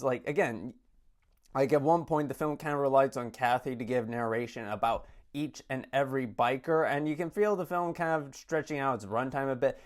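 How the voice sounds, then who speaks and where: A man giving a casual spoken film review, rambling with many fillers and restarts. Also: mid-range voice. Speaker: movie reviewer.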